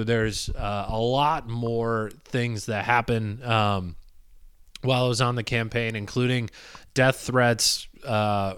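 A man's voice: medium pitch, clear, resonant tone, no echo, clean studio sound. A young man in his twenties hosting a podcast, telling a long rambling anecdote with many fillers. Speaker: podcast host and comedian. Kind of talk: casual storytelling monologue.

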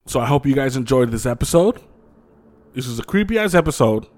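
This man, one of a podcast's co-hosts, talks briskly in a mid-range voice. His ghost stories come out loose and foul-mouthed, full of animation and acted-out dialogue, all in a casual chatty tone.

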